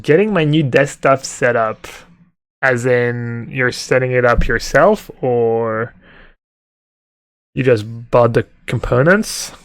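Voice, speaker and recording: A man's voice: mid-range voice, takes it slowly, dry recording. A man streaming a card game live, chatting casually, thinking aloud and answering chat with fillers. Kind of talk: live-stream commentary while playing.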